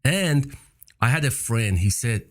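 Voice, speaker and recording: A man's voice: mid-range voice, lively intonation, unhurried. A man in his fifties whose first language is not English, telling stories with emphasis and repeating key phrases in a casual interview. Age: 50s. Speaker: podcast guest.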